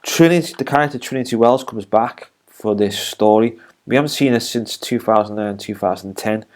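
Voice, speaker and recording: A man's voice: lowish voice, normal speed, darkish tone. A man giving an unscripted, rambling recap of a TV episode as a reviewer, with many fillers and restarts.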